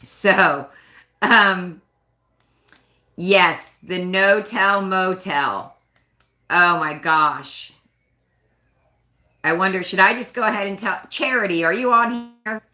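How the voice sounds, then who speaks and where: A woman's voice: mid-range voice, slow, long pauses, pushed and bright, echoey room. A woman hosting a casual live stream, chatting and rambling in a self-conscious way. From United States. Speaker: livestream host.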